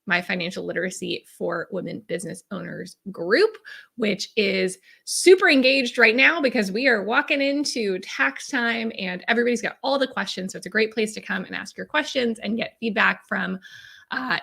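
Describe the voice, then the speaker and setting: Bright, chatty woman on a live stream. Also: mid-range voice, gravelly. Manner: chatty and upbeat, greeting viewers by name. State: losing her voice, clearing her throat. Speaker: host, accountant and profit strategist. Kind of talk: casual live-stream chat.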